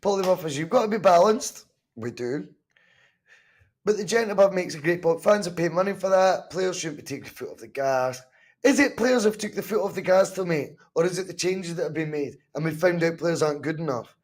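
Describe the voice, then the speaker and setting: Scottish man, podcast host, live football reaction chat, animated and sweary, fairly high voice. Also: fairly quick.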